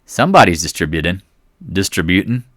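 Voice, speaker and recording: A man hosting a trading channel, giving casual market commentary in an excitable, jokey way with rambling asides. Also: deep voice, fairly quick, no echo, studio quality.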